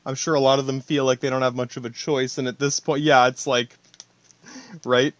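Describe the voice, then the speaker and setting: A man's voice: mid-range voice, little pitch movement, normal speed, a bit bright, no echo, dull audio. A man hosting a podcast alone, rambling in a profane, stream-of-thought monologue full of asides. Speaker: podcast host.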